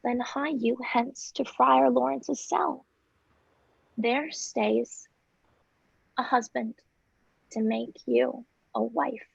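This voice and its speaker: A woman's voice: on the high side, fairly even intonation, drawn-out words, creaky, long pauses, slightly rough, dry recording, muffled recording, heavily acted. A woman reading the part of a weary, teasing old nurse in a table read of a play, complaining with groans and whispered asides.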